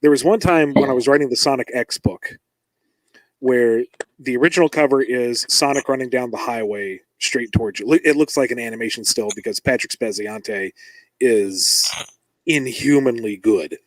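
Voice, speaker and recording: A man guesting on a podcast, telling animated stories and acting out quoted dialogue, into a mic on a stand. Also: mid-range voice, moderate pace, dry recording, rough recording. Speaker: guest, comic book writer. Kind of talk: casual interview chat.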